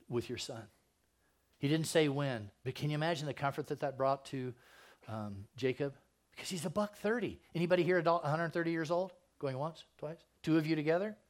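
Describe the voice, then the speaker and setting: A man preaching as a pastor, casual and joking with slangy asides, who also reads scripture aloud and stumbles over the names. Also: a little high. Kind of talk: sermon.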